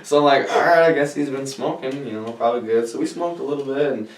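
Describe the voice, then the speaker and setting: A mid-range male voice speaks fast over a noisy crowd, spinning a meandering, profanity-packed podcast tale. He livens up during the retelling; the casual chat was recorded in a roomy space with him distant from the microphone.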